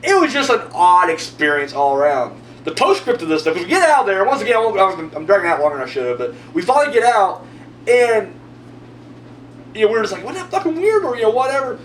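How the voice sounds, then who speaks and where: Animated, profane man telling a story. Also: high-pitched, fast, far from the mic. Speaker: video host answering viewer comments. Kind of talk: casual storytelling monologue. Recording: roomy echo, mic set back, faint hum.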